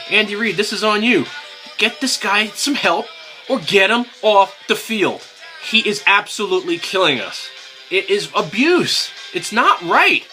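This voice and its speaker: A young man hosting a fan video, ranting in exasperation about his football team, swearing and climbing to near-shouts. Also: on the high side. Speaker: sports fan video host. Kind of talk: ranting football recap vlog.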